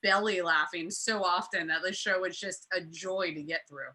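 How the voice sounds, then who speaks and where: A woman on a panel chatting casually over a video call, acting out scenes in quick quoted voices. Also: lowish voice, steady tone, sharp tone, poor audio.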